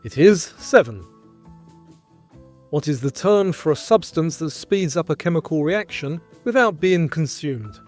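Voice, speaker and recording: A man hosting a scripted quiz show, reading out questions and answer choices in a clear, measured way. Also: on the high side, expressive, a little mellow, faint music behind. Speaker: quiz host.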